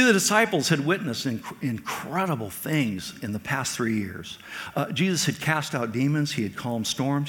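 Preacher in a long-echoing hall. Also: male voice, mid-range voice. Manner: animated, acts out quoted lines in a raised voice. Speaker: pastor. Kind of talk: sermon.

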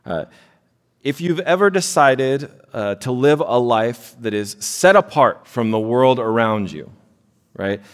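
This pastor, a man in his thirties, takes his sermon slowly, his mid-range voice carrying a lively intonation. Self-deprecating and chatty, he sprinkles in lots of "right?" asides. The church sanctuary gives the audio a long hall reverb.

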